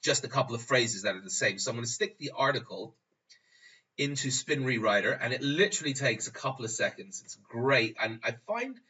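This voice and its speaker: Brisk and bright, this man's mid-range voice has lively intonation and a forceful edge. He's the host of a screen-recorded tutorial, chatting casually and often rambling or starting phrases over as he explains things. The audio is dull and lo-fi, and he sounds far from the microphone.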